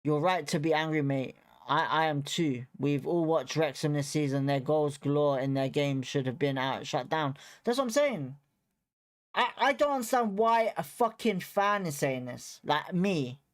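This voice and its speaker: A man's voice: on the high side, normal speed. A young man, hosting a football watchalong and ranting after the match in a blunt, repetitive, frustrated way full of swearing. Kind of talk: heated post-match fan rant.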